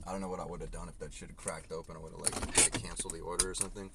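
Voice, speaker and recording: A man's voice: deep voice, little pitch movement, rapid-fire, heavy background noise. A delivery driver venting in a loose, rambling way full of swearing, recorded on a phone inside his car. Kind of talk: casual ranting vlog.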